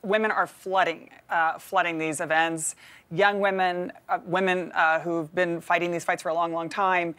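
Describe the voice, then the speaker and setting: A woman's voice: fairly low pitch, flat delivery, moderate pace, fairly bright tone. A woman with a Texas accent, a guest on a talk show, answering questions confidently and upbeat. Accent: Texan. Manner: upbeat, confident, with light laughs. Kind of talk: interview answers.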